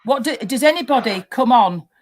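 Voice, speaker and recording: A woman's voice: on the high side, animated, normal speed, slight background noise. Furious swearing woman ranting. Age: adult, married. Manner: furious, swearing heavily, loud outbursts. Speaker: guest caller on a live stream. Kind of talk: angry rant on a live stream.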